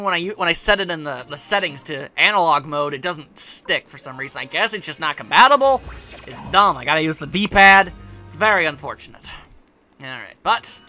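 A man's voice: a little high, lively intonation, moderate pace, sharp tone, faint music behind. A man giving casual let's play commentary, rambling and sarcastic, joking at the game's characters.

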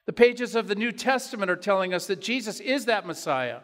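High-voiced preacher in a reverberant church. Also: male voice, expressive, fairly quick, fairly bright tone. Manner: earnest, personal storytelling preaching. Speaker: pastor. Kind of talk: sermon. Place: church sanctuary.

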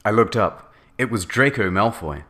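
A man's voice: on the low side, lively intonation, normal speed, a bit bright. A man narrating a comedic dramatic reading, mock-dramatic with sardonic asides.

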